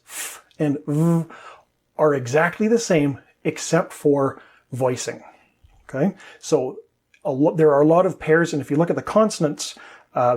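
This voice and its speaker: A man's voice: fairly high pitch, darkish tone, slightly rough. A man teaching English pronunciation, explaining patiently step by step and demonstrating sounds.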